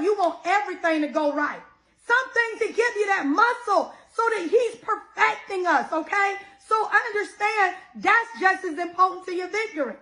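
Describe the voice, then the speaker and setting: A woman giving a casual, animated devotional sermon, talking straight to her listeners with many asides. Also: very high voice, normal speed. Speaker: preacher.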